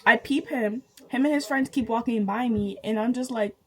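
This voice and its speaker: A young woman, casually telling a storytime to her channel, animated and chatty, laughing often and jumping high in pitch with disbelief. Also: normal speed, rough recording. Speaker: vlogger.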